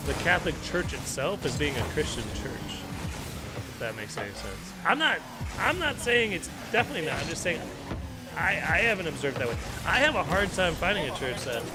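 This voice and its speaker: An American man hosting a stream, chatting loosely as he watches a game, stammering, repeating himself and laughing often. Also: on the high side. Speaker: streamer host. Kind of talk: casual chat while watching a game.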